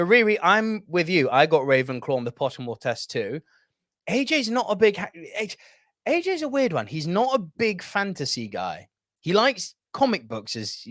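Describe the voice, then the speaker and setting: A man's voice: fairly high pitch, a bit bright, no echo, clean studio sound. A man hosting a casual movie review video, chatty and reading out viewer comments.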